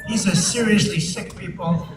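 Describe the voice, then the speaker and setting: A man's voice: high-pitched, moderate pace, loud music behind the voice. A man giving a rambling rally speech to a live audience, boastful and digressive, with mocking asides. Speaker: political speaker addressing an audience. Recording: distant, echoey live feed with noise.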